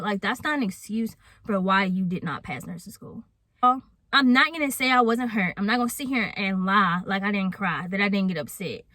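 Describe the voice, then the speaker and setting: A young woman speaks in a chatty, open storytime vlog, talking right to her audience. Her voice sits at an ordinary middle pitch. The recording is close and dry, with no room sound around it. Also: animated, moderate pace, a bit bright, no echo. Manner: candid and chatty, addresses viewers directly. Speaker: vlogger.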